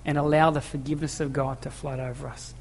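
This high-ish male voice stays level in tone while moving fast through a sermon to the congregation. The pastor is emphatic, repeating key phrases and asking rhetorical questions, with a little hiss or hum and long church reverb in the recording.

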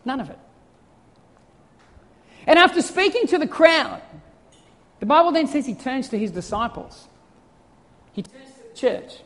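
A pastor preaching a sermon in an animated way, full of rhetorical questions and acted-out quotes. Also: sits high, unhurried, pauses often. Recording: reverberant church hall sound.

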